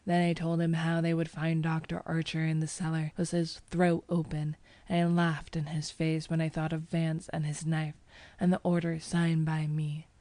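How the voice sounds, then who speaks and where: A woman narrating an audiobook in the first person, her reading measured and even. Her voice sits low and mellow with very little rise and fall. The recording is dry and close. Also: no echo.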